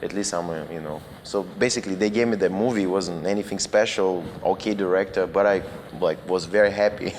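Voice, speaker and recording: A man's voice: lowish voice, long reverb tail, slight background noise. A Russian man with a Russian accent, a guest cinematographer telling anecdotes casually, with loose non-native grammar, restarts and chuckles.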